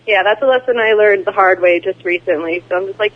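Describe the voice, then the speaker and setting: A woman's voice: medium pitch, fast, hardly any pauses. A woman in her twenties from Wisconsin with an Upper Midwest American accent, calling in to a radio show in a friendly, easygoing way. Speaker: radio caller. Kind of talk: casual phone-in chat. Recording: tinny phone line.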